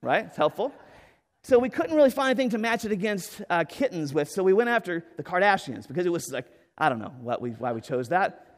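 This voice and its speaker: Delivering an energetic keynote from a conference stage, a man with a fairly high voice speaks fairly quickly. Animated and enthusiastic, he jokes, uses fillers, leans on "right?" and tumbles into restarts when excited. The sound carries the long reverb of a large, echoey hall.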